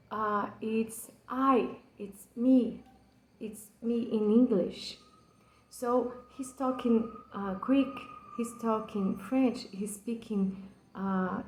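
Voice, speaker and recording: A woman's voice: a little high, darkish tone, echoey room, poor audio. A woman from Brazil with a Brazilian Portuguese accent, speaking English as a second language. She explains a poem earnestly, with hesitations and restarts. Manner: hesitant, with many fillers and restarts, passionate. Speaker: channel host explaining a poem. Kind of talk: slow, earnest spoken explanation.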